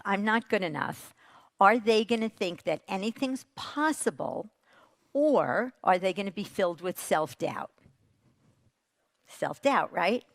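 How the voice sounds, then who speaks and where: A woman's voice: on the low side, creaky, dry recording. A woman, a parenting expert, giving a motivational stage talk and asking the audience questions. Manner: animated, asks the audience questions.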